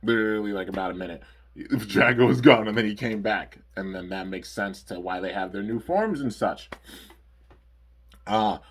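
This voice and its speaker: A man's voice: fairly low pitch, normal speed, breathy edge. A man casually recapping cartoon episodes in a rambling review. He uses lots of fillers and stops to correct himself.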